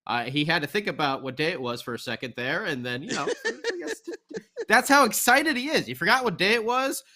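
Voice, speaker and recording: A man's voice: a little high, lively intonation, a little fast, pushed and bright. A man co-hosting a sports podcast, giving an enthusiastic, rambling game recap. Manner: rambling, enthusiastic, fan banter. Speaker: podcast co-host.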